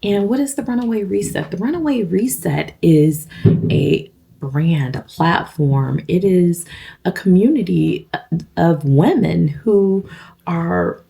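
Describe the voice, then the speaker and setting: A woman's voice: lowish voice, animated, slow pace, creaky, warm tone, breathy edge. A woman, chatting casually to viewers in a vlog, with lots of fillers. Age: 50s. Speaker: vlogger.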